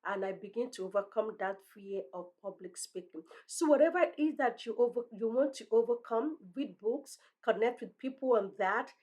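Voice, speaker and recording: Woman, high voice, strong thick accent, earnest, encouraging, motivational host. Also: normal speed, hardly any pauses, darkish tone. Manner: earnest, encouraging, ends in prayer. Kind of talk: motivational talk. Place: room lined with bookshelves.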